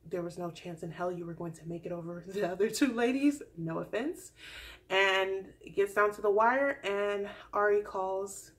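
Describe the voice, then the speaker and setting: A woman's voice: medium pitch, moderate pace. A woman in her twenties chats through a casual recap. Her tone is sassy and candid, full of playful asides and teasing jabs. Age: 20s. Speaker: vlogger recapping a reality dating show.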